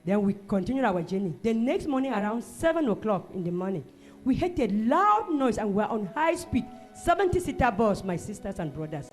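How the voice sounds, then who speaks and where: A woman from Cameroon, giving an emotional church testimony and breaking into loud shouted praise. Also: medium pitch, big pitch swings, fairly quick, faint music behind. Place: church service.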